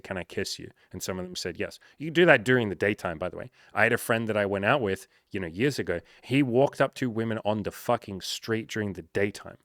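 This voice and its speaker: A man's voice: lowish voice, fairly bright tone, no echo, clean studio sound. A young man in casual advice talk as a dating coach, hyped and profane, calling the listener "bro" and acting out the quotes.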